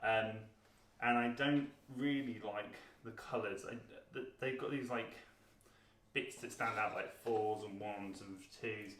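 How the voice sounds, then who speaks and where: A British man in his thirties co-hosting a board game review, talking casually with frequent pauses and fillers. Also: lowish voice, steady tone, fairly bright tone. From Britain. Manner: chatty, hesitant, lots of ums. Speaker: board game channel co-host. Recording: roomy sound, mic at a distance.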